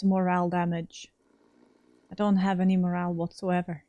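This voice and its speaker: A woman's voice: on the low side, level tone, moderate pace, warm tone, no echo. A woman streaming a video game, chatting casually and thinking aloud as she reads out her choices. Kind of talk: casual let's-play commentary.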